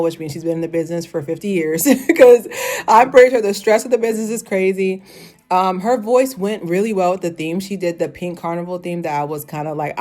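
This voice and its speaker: A woman's voice: on the low side, darkish tone. A woman in her thirties giving a casual, rambling review, full of "like" and frequent laughter. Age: 30s. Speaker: fashion show reviewer.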